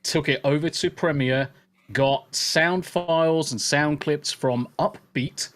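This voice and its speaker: A man's voice: fairly high pitch, slow, fairly bright tone. A man hosting a casual podcast, full of swearing and laughing banter. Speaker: podcast host.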